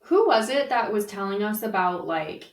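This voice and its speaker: A woman's voice: mid-range voice, moderate pace. Chatty woman in an echoey room. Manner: animated, chatty, with fillers like "like". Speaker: podcast co-host. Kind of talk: casual chat. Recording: roomy, slightly distant mic.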